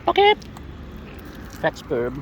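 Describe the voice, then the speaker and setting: A man talks unhurriedly to a mob of cockatoos, his voice swooping up and down in a lively sing-song as he coaxes them in. It was recorded outdoors, with clear noise and bird sounds behind him. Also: slow, lo-fi sound. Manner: playful coaxing, voice leaps high when calling birds. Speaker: bird-feeding vlogger. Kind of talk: casual talk to birds while filming. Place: outdoors feeding wild cockatoos.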